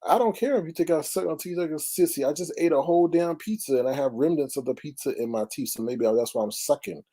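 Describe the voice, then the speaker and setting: A man's voice: a little high, quick pace, mellow. A man hosting a casual gossip commentary show, talking in a sassy, exclamatory way with dramatic asides. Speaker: commentary channel host.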